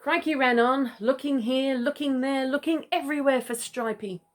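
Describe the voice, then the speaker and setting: A woman reading a children's picture book aloud, stopping for gentle asides to the child listening. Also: high voice, moderate pace. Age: older. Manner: gentle asides, chuckling often. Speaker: storybook reader.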